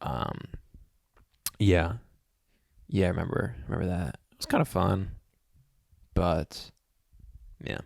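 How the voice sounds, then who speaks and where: A laid-back young man chatting as a podcast co-host. He trails off and restarts his sentences often. His voice has a gravelly texture, and the recording is dry and close. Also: deep voice, slow pace, pauses often, a little mellow, no echo. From Pennsylvania, USA. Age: young adult. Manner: laid-back, trails off, stumbles over words. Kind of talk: casual chat.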